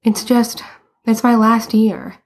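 A woman's voice: on the high side, little pitch movement, slow, a little mellow, voice pushed up. A woman reading the part of a hesitant, embarrassed teenage boy in a storybook. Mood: flustered. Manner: hesitant, flustered.

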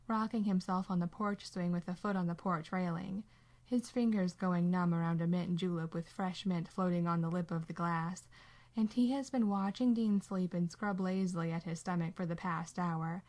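A woman narrating a story as an audiobook, calm and measured. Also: fairly low pitch. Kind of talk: audiobook reading of fan fiction.

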